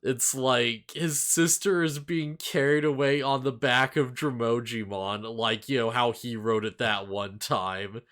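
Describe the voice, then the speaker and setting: A man's voice: mid-range voice, fairly even intonation, measured pace, few pauses, a bit bright. Guy rambling about an anime ep, lots of "like" and "yo", upbeat, casual chat. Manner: rambling, filler-heavy, upbeat. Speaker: podcast co-host. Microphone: face cam with desk mic.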